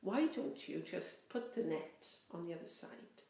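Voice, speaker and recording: Storybook part: woman reading a kind, patient grown man, unhurried and inviting; roomy sound. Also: fairly low pitch, lively intonation, creaky, a little mellow, distant mic. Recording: roomy, faint background noise.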